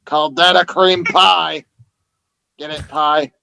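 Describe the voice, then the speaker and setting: Gravelly-voiced guy on a podcast reading dumb joke tweets, swears a lot, kinda high voice. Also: fairly even intonation, slow pace, bright, forceful tone, rough recording. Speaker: podcast co-host. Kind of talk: crude comedic podcast banter.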